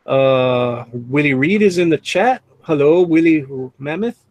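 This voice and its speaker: A man's voice: a little high, lively intonation, a little slow, a little mellow, no echo. A middle-aged man hosting a live drawing stream, reading chat aloud and laughing often. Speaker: livestream host. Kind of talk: casual livestream chat.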